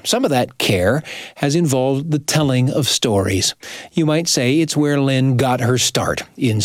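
A man's voice: mid-range voice, no room sound. Dry-voiced man hosting a story show. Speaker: radio show host. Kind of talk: scripted program introduction.

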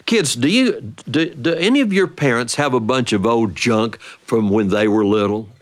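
A middle-aged man telling a family story to children, playful and animated. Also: medium pitch, moderate pace.

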